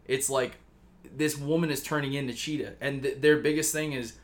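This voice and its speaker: A man's voice: medium pitch, steady tone, normal speed. A man casually retelling a story on a podcast, rambling with lots of fillers and swearing. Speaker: podcast co-host pitching a story.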